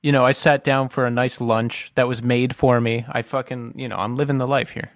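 A man's voice: mid-range voice, flat delivery, a little fast, no room sound, studio quality. A man co-hosting a podcast in casual chat, teasing his co-host and swearing freely.

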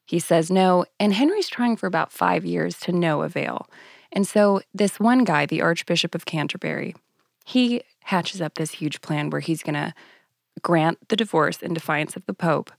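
Gravelly, blunt woman co-host. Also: fairly low pitch, moderate pace, dry recording, studio quality. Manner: blunt, profane storytelling. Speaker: podcast co-host. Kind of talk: casual chat.

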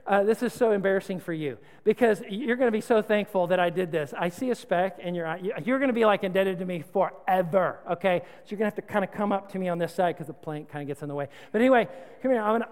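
A man's voice: high voice, fast, smooth, long reverb tail, natural voice. A man voicing a pushy, condescending busybody who insists on pulling a speck from someone's eye while ignoring the plank in his own. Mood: patronizing. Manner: fussy, patronizing, wheedling.

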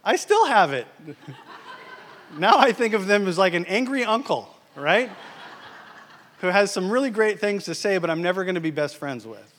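A man giving a sermon as a guest preacher, telling a story in an animated way that swings between loud and hushed. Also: sits high, normal speed, pauses often, a little hiss or hum. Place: church. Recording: church hall reverb.

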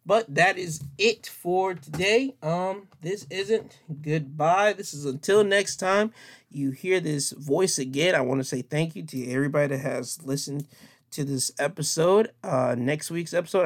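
Young man, podcast host, casual outro, rambling and repetitive, slightly high voice. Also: normal speed. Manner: rambling, repeats himself, upbeat.

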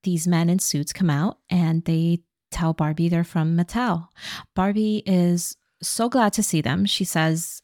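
A woman with a slightly low voice recaps a film plot in a casual, animated chat. She throws in playful quoted lines as she goes. The sound is dry and close. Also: unhurried, no room sound. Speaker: podcast co-host recapping a movie.

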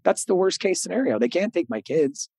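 A middle-aged man, a podcast host, telling a candid story in an interview, animated and earnest and often repeating words as he goes. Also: high voice, a little fast, gravelly, no echo.

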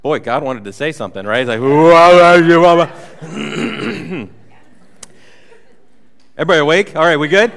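Racing along with few pauses, a pastor preaches in a fairly high, sing-song voice with a fairly bright tone. His manner is conversational: he throws in asides voicing paraphrases of the prophet and asks the congregation questions.

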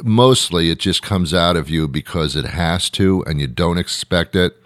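A man's voice: extremely low pitch, no room sound, studio quality. A man hosting a show, talking in a wry, meandering monologue and laughing at his own jokes. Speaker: host. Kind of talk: rambling monologue.

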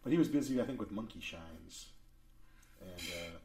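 Wisecracking man with a low voice. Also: animated, crowd noise. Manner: wisecracking, quick interjections. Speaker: podcast co-host. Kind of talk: casual movie review chat.

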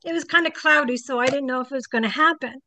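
A woman's voice: sits high, fast talker, pushed and bright, slight background noise. An older woman, a psychic guest, telling stories in a casual interview and animatedly acting out the people she quotes.

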